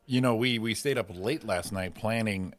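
Deep-voiced wisecracking male co-host. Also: moderate pace, no echo. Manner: wisecracking, drops into impressions. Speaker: morning show co-host. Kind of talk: casual joking banter. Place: studio, on video.

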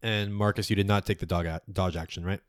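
A man's voice: deep voice, fairly even intonation, fast, no echo, clean studio sound. A man running a tabletop game as game master, narrating and calling rolls.

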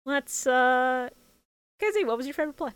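Lively high-voiced woman podcast host. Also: moderate pace, smooth, dry recording. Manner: swears casually and laughs often. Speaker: podcast co-host leading the segment. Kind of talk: casual podcast chat.

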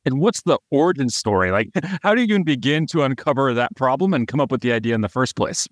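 A man's voice: mid-range voice, animated, fast talker, dry recording, studio quality. A man hosting a podcast, asking curious, casual interview questions. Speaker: podcast host.

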